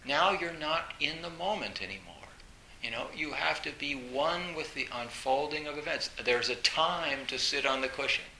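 A man giving a storytelling dharma talk as a meditation teacher, animated, with frequent laughter and many fillers. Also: fairly high pitch, normal speed. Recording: roomy echo with faint hiss.

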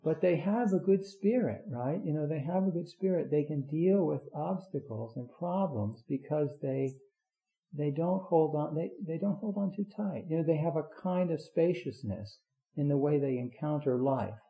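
A man giving a Zen talk in a slightly high voice, halting and rambling with constant fillers and restarts. The sound is roomy and dull, like a lo-fi hall recording. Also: lively intonation. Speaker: Zen teacher. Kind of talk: dharma talk.

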